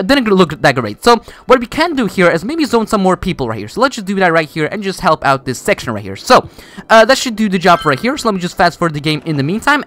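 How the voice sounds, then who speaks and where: A gaming YouTuber gives casual commentary while he builds, rambling with plenty of fillers and restarts. His voice is high-pitched and fairly bright, and it cracks.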